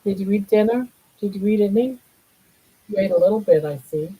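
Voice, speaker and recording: A woman's voice: mid-range voice, a little fast, warm tone, slightly rough, rough recording. An older woman hosting a casual livestream chat from home, cooing to her pets in baby talk. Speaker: livestream host.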